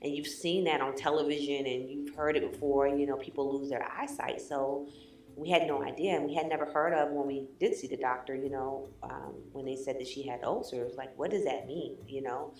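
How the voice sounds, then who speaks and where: A woman with a very low voice speaks earnestly and with emotion in a reality show confessional, often saying "you know." Her voice echoes around the room. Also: fairly even intonation, a little fast, darkish tone.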